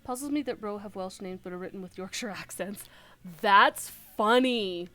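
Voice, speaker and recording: A woman's voice: medium pitch, moderate pace, bright, forceful tone, soft background music. A woman with an alto voice, chatting casually and correcting herself while streaming a game. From outside the UK. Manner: chatty, self-correcting, giggly asides. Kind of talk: casual gameplay chat.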